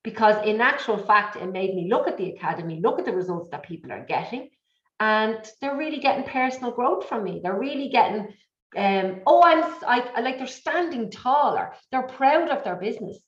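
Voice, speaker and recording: A middle-aged woman speaking as an interview guest, telling her story in an emotional, repetitive, animated way. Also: a little high, brisk. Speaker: guest, business coach. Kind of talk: candid conversational interview. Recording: echoey, dull lo-fi audio.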